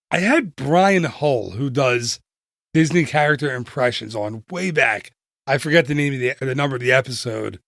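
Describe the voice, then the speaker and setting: A man hosting a podcast, chatting in an enthusiastic, casual way with quick asides. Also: on the high side, no echo, clean studio sound. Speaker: podcast host. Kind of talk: casual solo podcast chat.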